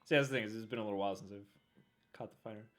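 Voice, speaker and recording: A man's voice: fairly low pitch, fairly even intonation, fast, a bit bright, faint music behind. A man co-hosting a casual movie watch-along, joking, laughing often and reading the title cards aloud in hammy voices. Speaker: co-host of a movie reaction channel.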